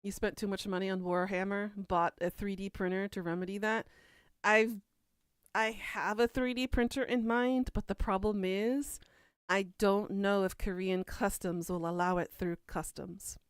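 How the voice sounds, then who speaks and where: A woman from Kentucky with a Southern accent hosts a relaxed podcast, talking through viewer comments in a rambling, chatty way. Her voice is smooth and clear at a middling pitch. The recording is dry and close, with no room sound. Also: moderate pace, no room sound. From Kentucky, USA. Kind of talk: casual chat.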